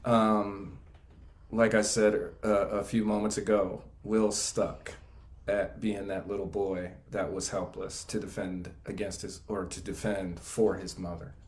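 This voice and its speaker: A man co-hosting a live class, reading passages from a book aloud in a measured way. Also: lowish voice, little pitch movement, darkish tone, a little hiss or hum. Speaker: class co-host.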